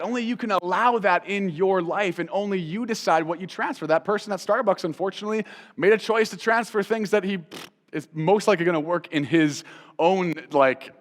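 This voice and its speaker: In a big-room acoustic, a Bible teacher hosting a Christian show speaks with a high voice. He is animated and conversational, repeating phrases to stress them and putting questions straight to the listener.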